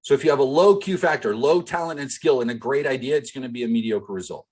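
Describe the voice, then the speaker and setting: A fast-talking business coach with a medium-pitched voice that is a little mellow and slightly rough teaches a live online group call. He stays loose and conversational, full of fillers and direct asks to the group, heard through a video-call mic.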